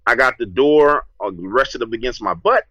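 A man, a podcast guest telling a story in a casual, lively way and acting out what he said back then. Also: mid-range voice, normal speed, dry recording, rough recording. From New Orleans, USA. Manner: lively, acts out his own past lines.

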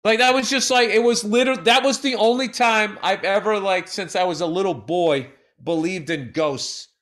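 Animated New man swearing through stories. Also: high voice, normal speed. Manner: animated storyteller, swears freely, acts out quotes. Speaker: podcast co-host. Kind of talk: casual podcast chat.

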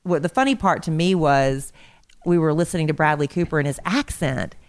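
A woman co-hosting a podcast with her husband, telling their story in a relaxed, chatty way. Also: low voice, a little fast. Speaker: podcast co-host. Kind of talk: casual chat.

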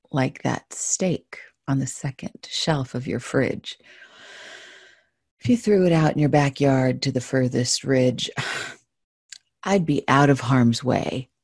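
A hungry storybook wolf pleads to be understood and bargains in slow, wheedling rhyme, as a woman puts him on. His voice is gravelly and husky and sits higher than the storyteller's own. It is recorded close and dry. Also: darkish tone, dry recording, exaggerated voice. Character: hungry misunderstood male wolf, coaxing.

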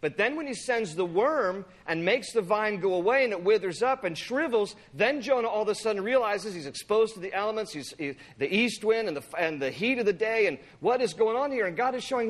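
High-voiced playful male preacher. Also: brisk, few pauses. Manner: animated, playful, acts out scripture. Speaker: pastor. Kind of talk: sermon.

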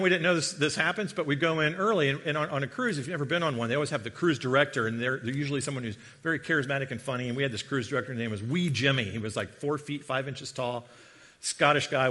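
A middle-aged man, a guest preacher, giving a sermon with a humorous personal story, animated and joking as he tells it. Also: mid-range voice. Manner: animated storyteller, jokey asides. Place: church sanctuary. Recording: long reverb of a large hall.

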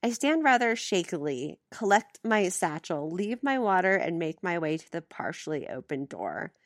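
A woman's voice: on the low side, sing-song, moderate pace, hardly any pauses, dry recording, studio quality. A woman reading a first-person novel aloud as an audiobook, giving the dialogue light voicing. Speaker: audiobook reader.

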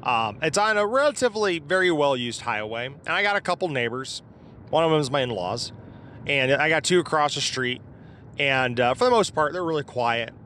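A man's voice: fairly high pitch, expressive, normal speed, sharp tone, a little hiss or hum. A man from southeast Iowa casually telling a personal encounter story in a rambling, informal way, with fillers and the odd curse word. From southeast Iowa, USA.

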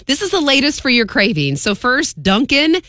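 A woman's voice: high voice, big pitch swings, moderate pace, sharp tone, dry recording, clean studio sound. A middle-aged woman co-hosting a morning radio show, chatting about news items in an upbeat way.

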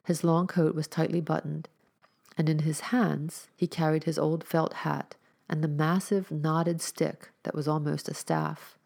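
A woman narrating a short story aloud in a measured, expressive way. Her voice is low, with a gravelly, fry-tinged texture. The pacing is steady and deliberate.

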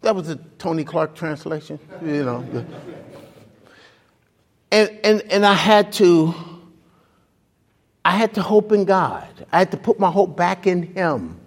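Slow, animated man preaching in a reverberant hall. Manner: animated storytelling, swings from loud highs to hushed lows. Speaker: pastor. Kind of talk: sermon.

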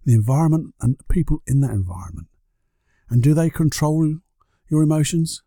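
Gravelly, dark-voiced man hosting a podcast. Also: a little high, animated, normal speed, no room sound, clean studio sound. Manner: conversational, asks rhetorical questions, briefly acts out other people's excuses. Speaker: podcast host. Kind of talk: solo podcast monologue.

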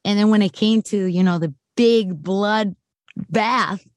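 Brief: young adult woman director, lively storyteller, swears freely, dry close sound. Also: medium pitch, measured pace, dry recording. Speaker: film director, guest. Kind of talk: casual interview storytelling.

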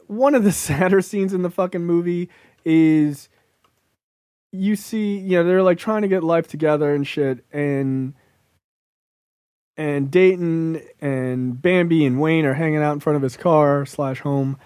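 A man's voice: a little high, a little slow, darkish tone, no room sound, clean studio sound. A man co-hosting a podcast, chatting casually about a film, loose and profane, laughing often. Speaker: podcast co-host.

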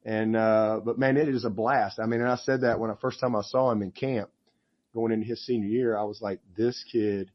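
A man's voice: lowish voice, fairly even intonation, a little fast, highs cut off. A man, a head football coach, answering press conference questions with enthusiasm, rambling and restarting his sentences.

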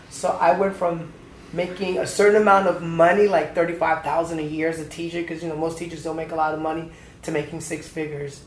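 A man in his fifties from Atlanta, Georgia, telling his story as a choreographer guest in an interview, lively and acting out the voices in his anecdotes. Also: a little high. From Atlanta, Georgia, USA. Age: 50s. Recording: roomy echo with faint background noise.

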